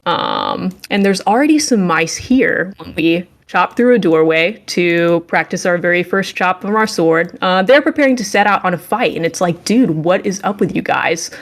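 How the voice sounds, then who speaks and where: A woman's voice: fairly low pitch, sing-song, normal speed, few pauses. A young woman co-hosting a podcast, recapping a video game in a playful, sarcastic way and acting out the dialogue. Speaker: podcast co-host reviewing games. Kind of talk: casual comedic game recap.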